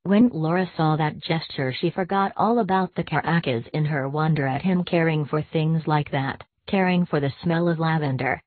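A woman giving a measured, expressive audiobook reading of a classic short story. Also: low voice, dry recording. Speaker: audiobook narrator. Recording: tinny, dry, phone-like sound.

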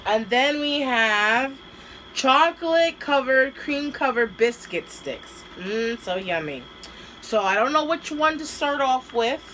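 A woman's voice: high voice, animated, slow pace, fairly bright tone, a little hiss or hum, rough recording. A woman vlogger chatting casually and hesitantly as she unboxes and taste-tests snacks, with many fillers. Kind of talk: casual taste-test vlog.

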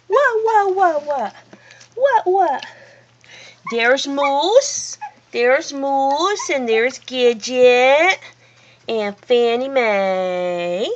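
A woman's voice: sits high, animated, extremely slow. A woman cooing baby talk at her puppies in a coaxing, sing-song way, repeating her words, recorded on a phone at home. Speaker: dog owner talking to her puppies. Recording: dull phone recording with loud background noise.

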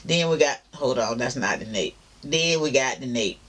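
A woman's voice: a bass voice, expressive, moderate pace, a bit bright. A woman with a Southern US accent chatting casually to her camera at home, drawling asides to her viewers. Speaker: vlogger. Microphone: camera mounted up high.

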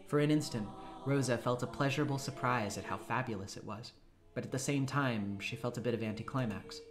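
A reader narrating a visual novel aloud on a live stream, steady and unhurried with small slips. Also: mid-range voice. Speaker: story reader.

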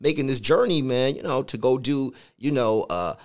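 A man's voice: medium pitch, normal speed. A middle-aged man co-hosting a faith podcast, with a mid-range voice. He tells long personal stories in a loose, conversational way. He says "man" nearly every other phrase. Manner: says "man" constantly, animated storytelling. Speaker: podcast co-host, pastor. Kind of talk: casual faith podcast storytelling.

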